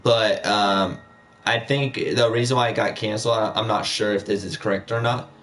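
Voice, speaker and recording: A man's voice: on the low side, fairly bright tone. A young man chatting casually on a live stream, rambling with many fillers and repeating himself.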